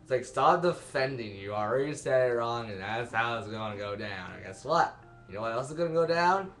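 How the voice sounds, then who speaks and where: A man's voice: mid-range voice, expressive, fairly quick, a bit bright. A young man giving rambling, self-mocking let's-play commentary and laughing at his own jokes. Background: game music.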